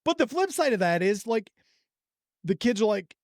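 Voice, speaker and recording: In clean studio sound with no room sound, a man on his podcast tells a story with lively enthusiasm and plenty of swearing. His voice sits high, and his pace is moderate in this casual chat.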